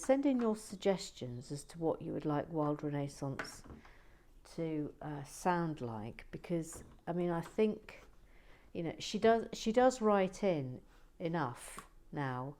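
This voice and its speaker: A woman hosting a relaxing building video, talking softly with dry teasing humour, often close to a whisper, on a close mic. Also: sits low, expressive, slow, slight background noise. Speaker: host.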